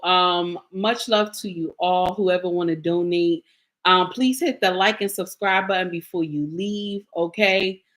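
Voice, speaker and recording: A woman's voice: fairly low pitch, a bit bright. A woman hosting a casual livestream, chatting playfully with her viewers and calling them by name. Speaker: livestream host.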